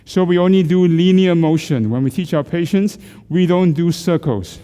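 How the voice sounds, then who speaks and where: His voice is fairly high, mellow and clean, delivered at normal speed, with a long reverb tail trailing each phrase. He's a middle-aged man running neck exercises for a group in a church hall, coaching them, asking questions and joking along the way.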